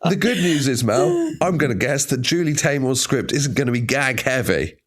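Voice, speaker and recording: A man's voice: medium pitch, big pitch swings, moderate pace. A man co-hosting a podcast, chatting in a wry, joking way and swearing freely. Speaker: podcast co-host. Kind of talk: casual comedic chat.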